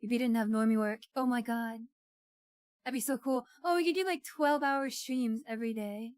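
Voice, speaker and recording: A woman co-hosting a live stream in loose, casual chat. Her voice sits high and lively as she teases and calls her partner darling. The sound is dry and close, with no room around it. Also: normal speed, clear, resonant tone, no echo. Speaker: streamer co-host.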